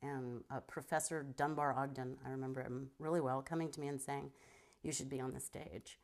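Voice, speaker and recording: A woman's voice: extremely low pitch, a little fast. A middle-aged woman with a trained stage voice, telling stories in an interview and mimicking other people. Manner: animated storyteller who mimics others. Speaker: guest filmmaker and actor. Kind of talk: interview conversation.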